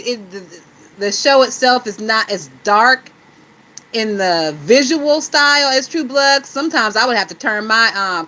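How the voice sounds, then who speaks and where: A woman's voice: fairly high pitch, pushed and bright, poor audio. A woman hosting a casual gossip chat about a TV show, blunt and full of profanity, laughing often. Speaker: YouTube gossip host.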